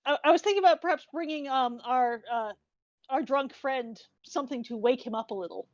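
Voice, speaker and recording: A woman's voice: high voice, brisk, a little mellow, no echo. A woman player in a tabletop role-play, giggly and hesitant, recorded on a dull, dry mic.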